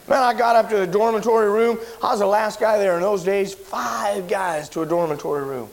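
A man preaching, telling a personal story in a sermon, animated and shouting at the big moments. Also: a little fast, hardly any pauses, a faint crowd. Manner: animated storyteller, shouts at high points, drops low and quiet when somber.

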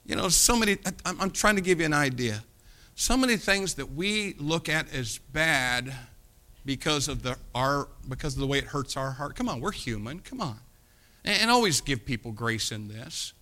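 At normal speed and with a slightly high voice, a male pastor preaches animatedly. His volume swings suddenly up and down, and he voices characters as he tells his stories.

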